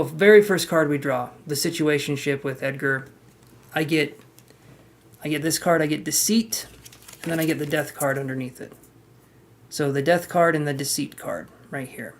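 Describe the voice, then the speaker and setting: A tarot reader giving a casual live-streamed reading, chatty and talking straight to the viewer with frank asides. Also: mid-range voice.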